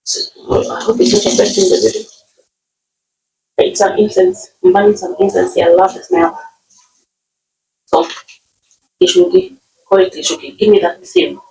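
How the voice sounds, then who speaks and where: A Kenyan woman teaches household words at home, her voice swooping up and down in a lively way with a gravelly edge. She repeats each word and keeps checking in with "okay?". The mic sits some way off, so the sound is roomy. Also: extremely high pitch, normal speed, long pauses, recorded from a distance. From Nyeri, Kenya. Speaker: language teacher. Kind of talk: casual vocabulary lesson.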